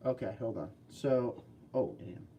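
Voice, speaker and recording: A man's voice: medium pitch, a little slow, warm tone, far from the mic, a little hiss or hum. A man hosting a casual livestream, chatting loosely and answering viewer questions as they come in. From California. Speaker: livestream host. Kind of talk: casual livestream chat reading viewer comments.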